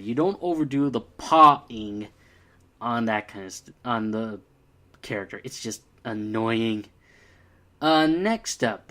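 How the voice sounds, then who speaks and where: A young man giving a casual, exasperated video review, full of fillers like "uh" and "like.". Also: mid-range voice. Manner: exasperated, animated, many fillers.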